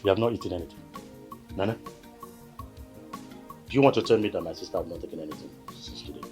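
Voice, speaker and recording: An actor with a Nigerian accent playing a tired husband who keeps begging his sister and wife to calm down. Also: deep voice, fast talker, faint music behind, close to an everyday voice. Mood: pleading. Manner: pleading, soothing, repetitive. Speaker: husband and brother. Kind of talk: Nollywood film acting.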